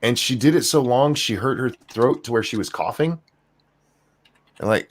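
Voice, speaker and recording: An older man hosting a casual podcast chat, relaxed and rambling with fillers. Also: mid-range voice, normal speed. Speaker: host.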